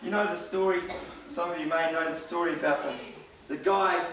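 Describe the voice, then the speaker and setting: A man's voice: fairly high pitch, fairly even intonation, a little fast, a bit bright. A man from New preaching a sermon in a church, earnest and conversational, often restarting his sentences. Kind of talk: sermon with anecdotes. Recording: echoey church hall from far off, faint noise.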